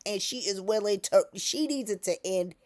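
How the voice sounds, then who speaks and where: Animated woman recapping a soap opera. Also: mid-range voice, normal speed. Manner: animated, acts out characters' lines in quotes; laughs often, slangy and sassy. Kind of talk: casual recap vlog.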